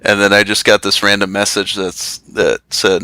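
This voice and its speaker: A man speaking as a podcast guest in casual chat, relaxed and self-deprecating, with lots of fillers and restarts. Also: on the low side, measured pace, clear, resonant tone, no room sound, poor audio. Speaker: guest, retro game YouTuber.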